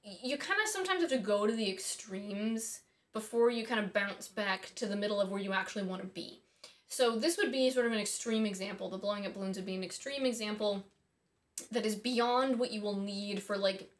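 A woman with a mid-range voice speaks briskly as she teaches singing. A voice and harp teacher, she explains in a casual, chatty way, thinking aloud and slipping in small asides.

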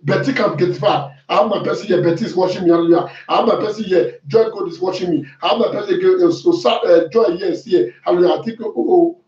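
A Nigerian pastor with a very high voice preaches fervently, breaking into shouts and repeating hallelujah. He sounds distant from the mic in an echoey room, the sound dull, with faint music behind. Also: fast. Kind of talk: sermon.

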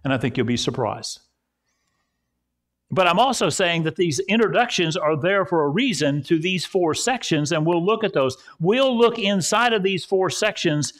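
A male pastor preaching a conversational sermon at a church service, telling stories and repeating phrases for emphasis. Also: a little high.

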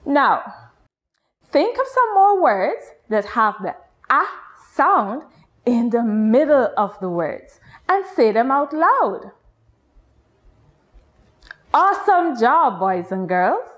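A Guyanese woman leads a children's phonics lesson in a slightly high voice that swoops up and down in a sing-song way. She speaks extremely slowly and patiently, stretching each word out for little listeners. Her tone is that of a teacher coaxing a class along. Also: big pitch swings. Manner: patient, sing-song, drawn-out teacher talk with exaggerated rises. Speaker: nursery teacher. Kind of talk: slow, deliberate children's lesson.

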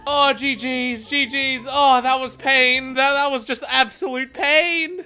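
A woman giving excitable gameplay commentary, swearing, laughing often and mocking herself. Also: high voice, measured pace. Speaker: gaming content creator.

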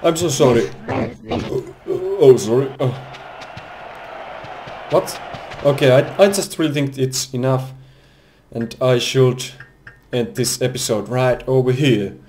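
A man doing let's play commentary, excitable, exclaiming and swearing at the game. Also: medium pitch, slow pace, slight background noise. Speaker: gamer. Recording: game music behind voice.

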